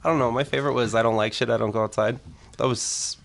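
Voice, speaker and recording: A man's voice: mid-range voice, steady tone, quick pace, gravelly. Laid-back young man, wry and profane. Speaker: podcast co-host. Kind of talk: casual chat.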